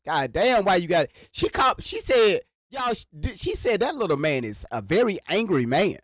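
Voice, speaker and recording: A man with a high, lively voice that leaps up and down as he rants to his livestream chat. He speaks into a close microphone in a dry, dead room and calls out to his viewers again and again. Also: moderate pace, few pauses, no room sound. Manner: animated, repetitive, addresses viewers directly. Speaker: livestream host. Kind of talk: live reaction rant to chat. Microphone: sits behind a microphone.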